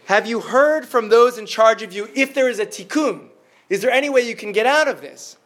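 A man's voice: extremely high pitch, a little fast, fairly bright tone, pitched above the performer's own voice. A man reading as an ancient rabbi, urgent and questioning. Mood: probing. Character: ancient male rabbi, commanding and concerned.

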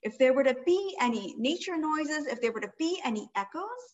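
A woman's voice: high-pitched, big pitch swings, brisk, darkish tone, muffled recording. A woman teaching a text-study lesson, explaining a passage step by step and checking in with her listeners with a frequent "right?". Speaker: Torah teacher.

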